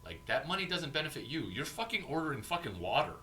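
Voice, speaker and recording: A man giving an informal, profane coaching talk as an entrepreneurship mentor, animated and acting out bits of banter. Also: a little high, fast talker, a little hiss or hum.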